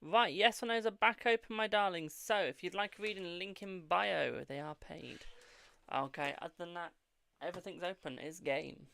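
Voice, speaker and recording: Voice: normal speed, creaky, pushed and bright. A tarot reader hosting a live stream in casual chat, filling talk with "like" and calling viewers darling. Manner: chatty, fills with "like", calls viewers darling and Boo; yawning, low-key.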